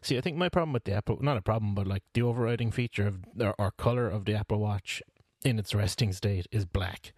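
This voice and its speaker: A man co-hosting a podcast rambles in casual conversation, full of fillers and restarts. His lowish, slightly mellow voice moves fast with few pauses, and the studio-quality recording has no room sound.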